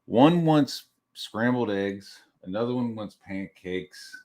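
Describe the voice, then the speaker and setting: Animated man telling a rambling story. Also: lowish voice, takes it slowly. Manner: animated, swears freely, rambling with restarts. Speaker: livestream show host; father of young daughters. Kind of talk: casual anecdote telling.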